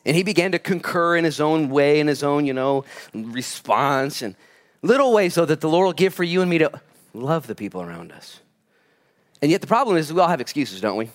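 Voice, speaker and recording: A man preaching a sermon in a conversational, storytelling way, moving between hushed asides and excited bursts. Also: fairly high pitch, fairly quick. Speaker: pastor.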